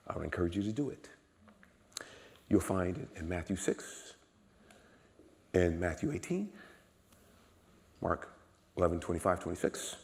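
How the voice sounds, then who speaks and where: A man preaching a sermon in a church, emphatic and repetitive, swinging from low murmurs to loud exclamations. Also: expressive, moderate pace, vocal fry, long pauses, in a large hall. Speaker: guest preacher. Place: church sanctuary.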